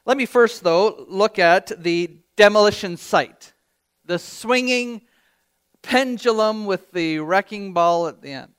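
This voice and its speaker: A man's voice: high-pitched, slow pace, a bit bright, smooth. A man preaching a sermon as pastor, talking conversationally and asking the congregation direct questions. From Canada.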